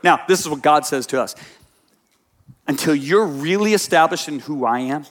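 Delivering his sermon at a moderate pace, this pastor has a rather high voice. He tells stories energetically, dropping into quiet asides and then rising to emphatic points.

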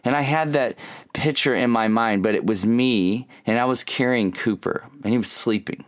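A man's voice: mid-range voice, moderate pace. A man giving a candid, earnest personal testimony in a devotional talk, telling his story with restarts. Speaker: speaker giving a faith talk.

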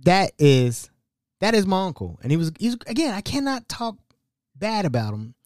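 A man's voice: high voice, big pitch swings, moderate pace, a little mellow, dry recording, clean studio sound. A young man hosting a podcast, casually telling family stories with laughs and imitations of relatives. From Ohio. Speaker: podcast host. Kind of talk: casual storytelling monologue.

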